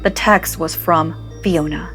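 A woman host narrating a scripted scary story in a hushed, dramatic manner. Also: low voice, steady tone, slow. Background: faint music.

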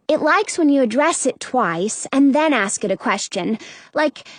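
A woman narrating a first-person children's storybook in an expressive, playful way. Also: sits high, a little slow, dry recording. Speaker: audiobook narrator.

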